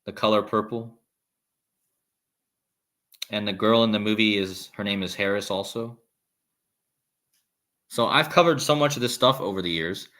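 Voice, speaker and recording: Male livestream host, low-pitched, loose and rambling, reads chat. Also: moderate pace, long pauses, pushed and bright. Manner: rambling, restarts, reads viewer comments aloud. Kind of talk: casual live-stream talk reading chat.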